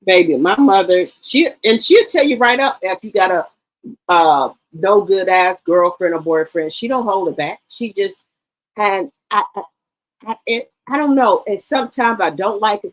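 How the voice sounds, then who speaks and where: Husky-voiced woman telling family stories. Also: mid-range voice, normal speed, rough recording. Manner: animated, addresses listeners as baby and girl. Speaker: livestream host. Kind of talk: casual storytelling chat.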